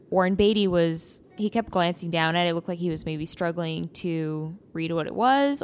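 A woman co-hosting a casual chat, narrating events in step-by-step detail. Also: fairly low pitch. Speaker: podcast co-host.

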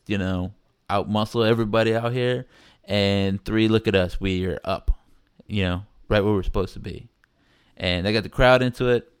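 Low-voiced man in casual sports talk. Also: smooth, dry recording, studio quality. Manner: rambling, animated, acts out quotes. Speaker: podcast host.

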